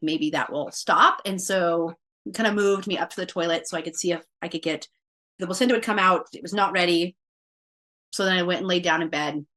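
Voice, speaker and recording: A woman's voice: fairly low pitch, fairly bright tone. A woman guest on a podcast, telling a personal story casually and quoting her own thoughts aloud with many fillers.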